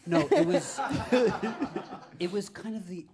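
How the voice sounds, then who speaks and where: On stage before a live audience, with a crowd audible behind him, a high-pitched man speaks slowly. He is a guest at a live podcast taping, spinning rambling, filler-laden anecdotes as part of the chat.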